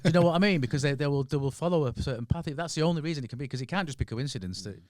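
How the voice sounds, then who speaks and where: A man's voice: fairly high pitch, animated, rapid-fire, a little mellow, no echo, clean studio sound. A man, a comedian guest on a podcast, talking casually and emphatically. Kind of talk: casual chat.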